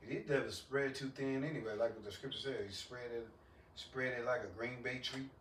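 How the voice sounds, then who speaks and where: A man's voice: mid-range voice, fairly even intonation, a little fast, a bit bright, distant mic. A man chatting on a live stream, affirming the others often and adding his own points. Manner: affirming, many "mm-hmm" and "absolutely". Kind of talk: casual talk on a live stream. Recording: echoey room, voice off-mic, faint noise.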